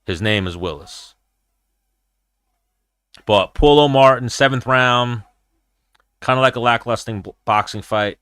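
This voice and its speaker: A man hosting a casual live-stream fight chat, telling animated, profane stories about brawls he has been in and reacting to viewer comments. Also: medium pitch, a little slow, pauses often, smooth, dry recording.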